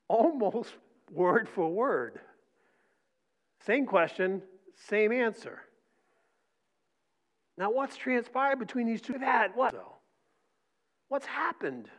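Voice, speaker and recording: A middle-aged man preaching a sermon in a conversational way, often asking "right?" and dropping his voice to a soft hush for emphasis. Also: high-pitched. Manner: conversational preaching with frequent "right?" and repeated words; drops to soft near-whispers for emphasis. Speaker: pastor. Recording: dull lo-fi recording.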